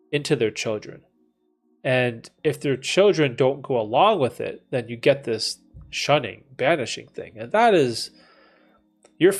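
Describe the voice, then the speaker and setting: A man in his thirties hosting a livestream, reading chat and talking in a casual, laid-back way, with frequent dude and bro and some swearing. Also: mid-range voice. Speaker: livestream host answering chat.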